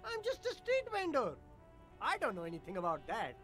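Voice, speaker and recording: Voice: medium pitch, wildly swooping pitch, a little fast, fairly bright tone, soft background music. A voice actor playing a defensive, boastful street vendor in a video game who keeps dodging questions with rambling denials. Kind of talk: game voice acting.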